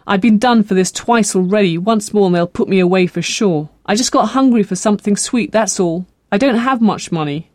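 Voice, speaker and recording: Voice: medium pitch, fairly quick, few pauses, darkish tone, no room sound, natural voice. An audiobook reader voicing a desperate young woman caught shoplifting, breathless and pleading.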